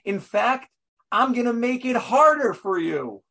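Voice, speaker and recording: Give me a sneering, defiant old-world king, dismissive and mocking, put on by a man telling the story, pitched high and a notch above his usual voice. The king brushes off every plea. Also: very animated, a little slow, gravelly, pushed and bright, exaggerated voice. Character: scornful defiant male Egyptian king.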